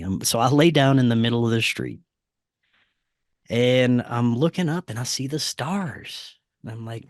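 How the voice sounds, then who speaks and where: A man, a podcast guest, telling a personal story casually, dropping to a quieter voice when he quotes what was said. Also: medium pitch, a little slow, no room sound, clean studio sound. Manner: acts out quoted dialogue in a quieter voice; frequent fillers and restarts, animated retelling.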